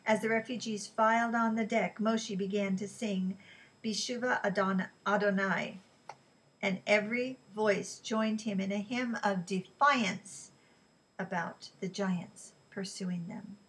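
A woman narrating an audiobook in a steady, even storytelling voice. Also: medium pitch, unhurried, poor audio. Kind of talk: scripted narration.

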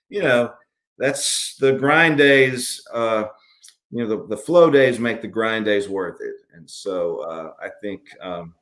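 A man's voice: mid-range voice, fairly bright tone. A man from Alabama with a Southern accent, an author answering interview questions over a video call in a rambling, filler-filled way. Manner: rambling, many fillers and restarts. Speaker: author guest.

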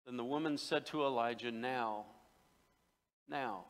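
A man's voice: medium pitch, unhurried. A man preaching a sermon as pastor, telling the story conversationally with humor and rhetorical questions. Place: church sanctuary. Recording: long reverb in a church.

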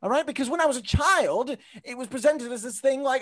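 A young man performing a stand-up comedy set, theatrical and mock-grandiose, often bursting into shouts. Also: extremely high pitch, a little fast, few pauses.

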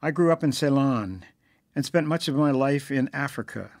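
A man reading a novel aloud as narrator, lifting his pitch a little for the characters' lines. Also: normal speed, dry recording, studio quality. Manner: reads dialogue with slightly raised pitch for characters. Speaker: audiobook narrator.

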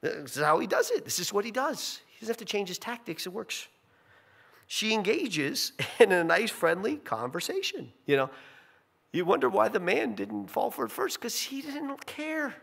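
A male pastor preaching a sermon in an animated, conversational way with jokey asides. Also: high voice, normal speed, vocal fry, breathy edge.

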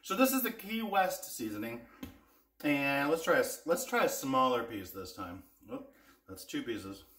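A man hosts a casual cooking vlog, chatting with viewers and eagerly tasting spice blends in a taste-test format. His medium-pitched voice is very animated and fairly bright, delivered at a measured pace with a roomy sound.

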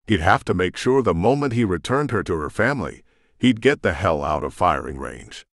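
A man reads a novel aloud with a deep, animated voice that rises and falls freely. The recording is close and dry, with no room around it. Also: moderate pace, dry recording. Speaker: audiobook narrator. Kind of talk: scripted audiobook narration.

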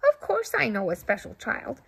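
Woman voicing a chatty honest lady goose, talks a lot, prim, highish husky voice, storybook. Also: wildly swooping pitch, normal speed, exaggerated voice. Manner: talkative, prim.

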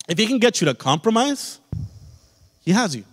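A man in the pastor's role preaching a sermon with an American accent, building to forceful emphasis and asking repeated rhetorical questions. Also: high-pitched, very animated, a little slow. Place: church sanctuary. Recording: long hall reverb.

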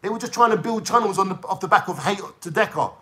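A man's voice: high-pitched, animated, fast talker, bright, forceful tone. A young man from London with a London accent, ranting to his viewers in a heated, swearing, slang-heavy monologue.

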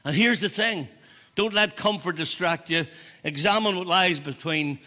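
A man's voice: high-pitched, moderate pace, sharp tone. A man with a Northern Irish accent preaching a sermon as pastor, passionate and building to emphatic declarations. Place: church hall. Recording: long church reverb.

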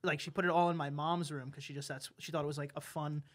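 A young man co-hosting a podcast, telling stories in quick, animated casual chat and swearing freely. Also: on the high side. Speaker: podcast co-host.

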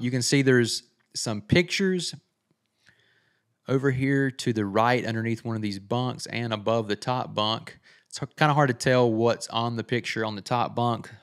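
A man's voice: mid-range voice, smooth. A middle-aged man hosting a gaming channel, chatting casually through a game trailer breakdown and thinking aloud with frequent "uh"s.

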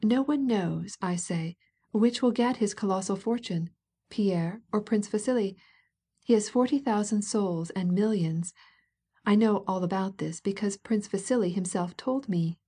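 A woman's voice: mid-range voice, measured pace, dark tone, husky. A woman playing a knowing, self-important princess. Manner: confiding, significant, half-whispered.

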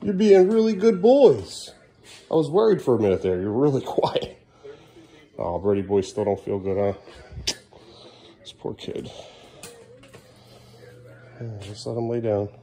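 A man's voice: fairly low pitch, measured pace, long pauses, mellow. A man in his thirties at home filming a casual family vlog, coaxing his small children playfully and muttering asides. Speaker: father filming his kids.

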